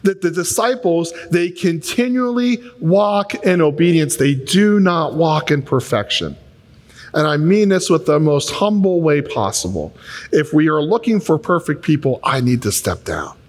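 A man preaching a sermon as a pastor, telling stories and acting out both sides of conversations in quick changes of voice. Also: a little high, lively intonation. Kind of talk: sermon with acted-out dialogue. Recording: long reverb of a large hall.

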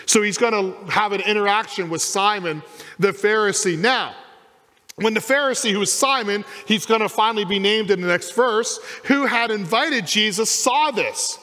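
Lively high-voiced preacher in a reverberant church. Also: male voice, moderate pace. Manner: animated preaching, acts out quoted voices. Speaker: pastor. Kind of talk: sermon. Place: church sanctuary.

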